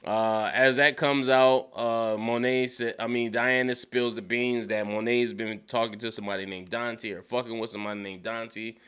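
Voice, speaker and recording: A man casually recapping a TV episode, acting out the characters' lines in quick bursts and laughing often. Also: medium pitch, steady tone, fairly bright tone, smooth. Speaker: TV show reviewer. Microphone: studio dynamic mic.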